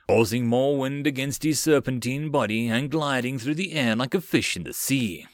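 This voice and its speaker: An audiobook narrator, a man with a medium-pitched voice, reads a web novel in a steady storytelling manner. The scripted narration has studio quality and no room sound.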